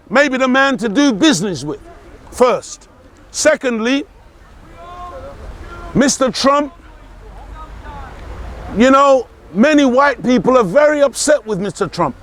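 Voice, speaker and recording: Man, very high voice, forceful street preacher, outdoors, traffic behind. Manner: forceful, preaching, repeats for emphasis, shouts at times. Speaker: street speaker. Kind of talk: outdoor public speech. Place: outdoors in a city park.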